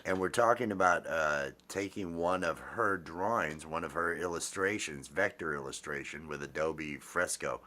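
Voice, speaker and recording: Deep-voiced man rambling affectionately. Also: normal speed, hardly any pauses, sharp tone. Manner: rambling and affectionate, lots of fillers and restarts. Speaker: host. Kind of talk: casual chat.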